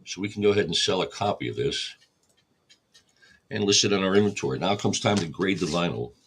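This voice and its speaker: A man's voice: sits low, animated, a little fast, a bit bright, a little hiss or hum. A man hosting a record store livestream, casually explaining each step while he catalogs vinyl. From United States.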